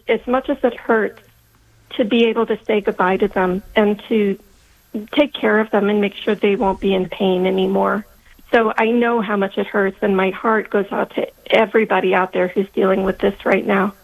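A woman in her fifties phones in to a call-in radio show. She talks in an earnest, reflective way and leans on her faith as she speaks. Her pitch sits at an ordinary middle height. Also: rough recording. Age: 50s. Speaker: caller.

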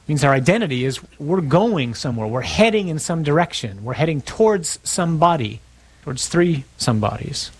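A man's voice: a little high, lively intonation, a little fast, husky. A man preaching a sermon to his parish in a conversational, storytelling way.

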